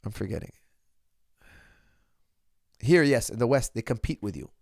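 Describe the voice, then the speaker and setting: A middle-aged man with a gravelly, mid-pitched voice speaks casually to his viewers as a martial arts coach. He is opinionated and blunt, keeps calling them "guys" and often breaks off to restart his sentences. The sound is close and dry. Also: animated, moderate pace, no echo.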